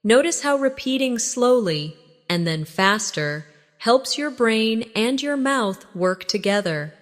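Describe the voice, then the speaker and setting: A woman narrating a scripted English lesson, leading slow repeat-after-me drills. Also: a little high, lively intonation, long reverb tail. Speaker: English teacher.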